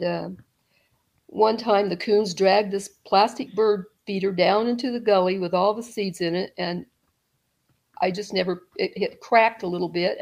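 A middle-aged woman telling a story as an interview guest, rambling, with restarts and soft laughs. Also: mid-range voice, gravelly.

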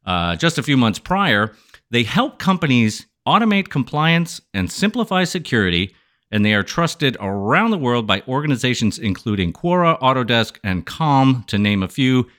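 A man with a smooth voice hosts a podcast in a playful, showy way. His pitch swings widely as he jokes with the audience. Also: sing-song, moderate pace, a bit bright. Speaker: podcast host. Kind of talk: upbeat podcast hosting.

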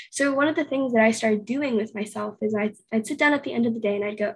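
Breathy-voiced teenage woman telling a story. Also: a little high, fast, few pauses. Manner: chatty, filler-heavy storytelling with acted-out inner quotes. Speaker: podcast guest. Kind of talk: casual interview conversation.

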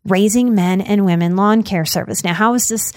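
A woman's voice: medium pitch, moderate pace, dry recording. A woman hosting a podcast, speaking earnestly and with emotion as she makes an announcement to her listeners. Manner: earnest, emotional, choked up at times. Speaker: podcast host. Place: Denver.

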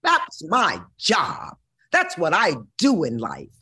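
A woman's voice: lowish voice, wildly swooping pitch, slow, bright, forceful tone, husky. A woman in her sixties from Missouri, telling her life story as an interview guest in a brassy, profane, dramatic way. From Missouri, USA. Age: 60s.

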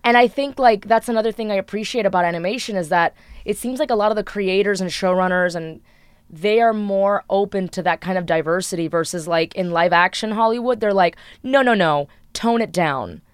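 Woman voice actor, smooth clear voice, dry close sound, eager panel chat. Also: mid-range voice, fairly quick, dry recording. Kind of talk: casual panel conversation.

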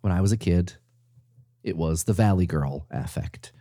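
Podcast host guy, low mellow voice, playful animated narration. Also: moderate pace. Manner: playful, animated storytelling with sudden leaps in pitch. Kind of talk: scripted narration and interview.

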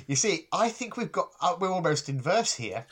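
A man's voice: high-pitched, big pitch swings, normal speed, a bit bright, husky. A man co-hosting a podcast in casual chat, dry and self-deprecating, often restarting his sentences. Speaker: podcast co-host.

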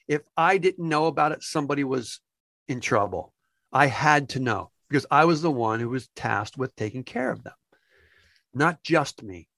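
Animated New Jersey-raised storyteller. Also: male voice, medium pitch, dry recording, studio quality. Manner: animated storyteller acting out quotes. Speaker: music industry insider. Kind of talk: casual anecdote telling.

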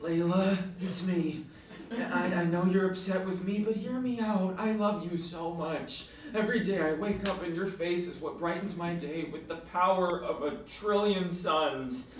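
A man's voice: high-pitched, a little hiss or hum. An actor playing a flustered, heartbroken male troop leader who swings into frantic outbursts. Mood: pleading. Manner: frantic, emotional, quick to outbursts. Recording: very echoey, distant-mic recording.

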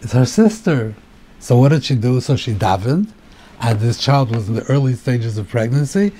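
Man teaching a Torah class, mellow voice. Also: medium pitch, animated, moderate pace, slight background noise. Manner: explanatory, poses rhetorical questions, mixes in Hebrew terms. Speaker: rabbi. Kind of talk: Torah class on the weekly portion.

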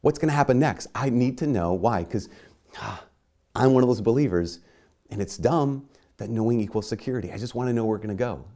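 Giving a sermon, a man pokes fun at himself in a conversational style and performs small dialogues in different quoted voices. His mellow voice is on the low side and fairly quick.

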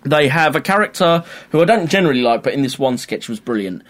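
A young man in casual chat, animated and rambling, often laughing as he talks. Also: mid-range voice, fast talker.

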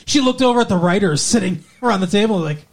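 A man co-hosting a podcast, chatting casually and sarcastically about a TV episode, with plenty of swearing and deadpan asides. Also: high-pitched, fast talker. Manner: sarcastic, profane, quotes characters in flat asides. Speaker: podcast co-host. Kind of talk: casual chat recapping a TV episode.

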